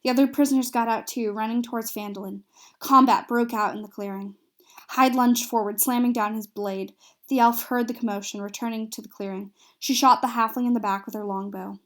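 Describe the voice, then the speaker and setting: A woman's voice: fairly high pitch, fairly even intonation, fairly quick. A woman narrating a recap of a tabletop fantasy game, reading steadily with small slips and restarts.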